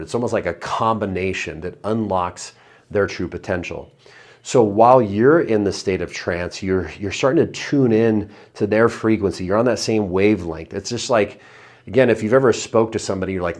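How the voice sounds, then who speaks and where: A man with a fairly low voice teaching hypnosis on video. He explains in an easy, conversational way, then slows right down and sinks lower when he gives suggestions and breathing cues. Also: darkish tone. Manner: drops into slow low trance voice for suggestions; conversational, upbeat between demonstrations. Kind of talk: video lesson with guided breathing demo.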